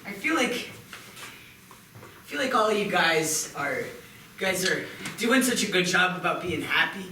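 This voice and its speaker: A man playing an earnest mourner who speaks in a halting way, in live improv comedy. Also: sits high, lively intonation, bright, forceful tone, far from the mic, slight background noise, full character voice. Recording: roomy live stage recording from afar.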